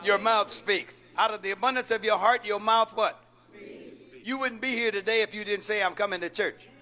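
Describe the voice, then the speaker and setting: A man's voice: sits high, steady tone, normal speed, sharp tone. A man preaching a sermon, calling out questions for the congregation to answer and repeating key lines. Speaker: pastor. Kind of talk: call-and-response sermon.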